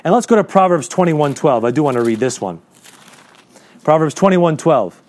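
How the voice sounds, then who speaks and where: A man preaching a sermon to a congregation, asking rhetorical questions and reading scripture slowly and deliberately. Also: fairly high pitch, lively intonation, darkish tone. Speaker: pastor.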